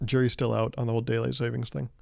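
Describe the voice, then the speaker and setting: A man's voice: medium pitch, flat delivery, rapid-fire, vocal fry, darkish tone, dry recording, clean studio sound. A young man in his twenties hosting a solo comedic podcast, rambling sarcastically, swearing freely and acting out little scenes. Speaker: podcast host.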